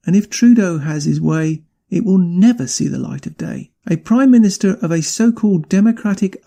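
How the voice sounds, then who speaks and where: A man's voice: high-pitched, vocal fry, mellow. A man hosting a podcast, delivering an indignant, emphatic political rant. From not from Canada. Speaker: podcast host. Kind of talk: angry political commentary.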